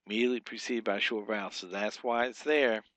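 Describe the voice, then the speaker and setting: A man teaching a recorded Hebrew grammar lesson, explaining rules step by step with frequent pauses and restarts. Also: fairly low pitch, steady tone, fairly bright tone, dry recording.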